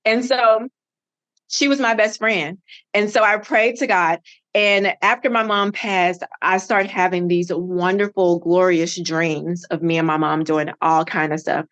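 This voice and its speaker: A middle-aged woman, a podcast guest, telling a personal story with lively acted-out dialogue. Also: fairly low pitch, measured pace. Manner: animated, acts out quoted dialogue.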